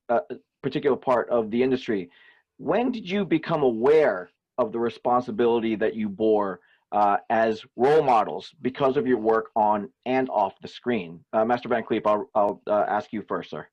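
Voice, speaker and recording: A man's voice: mid-range voice, darkish tone, muffled recording. Polite male panel moderator. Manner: polite, measured questioning. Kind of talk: moderating questions. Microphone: video call.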